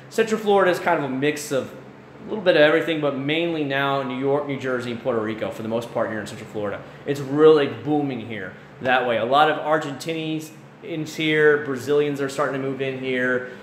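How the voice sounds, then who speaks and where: A man's voice: mid-range voice, fairly quick. A man hosting a casual livestream, ranting animatedly and swearing freely as he answers the chat. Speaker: livestream host. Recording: roomy echo, faint background noise.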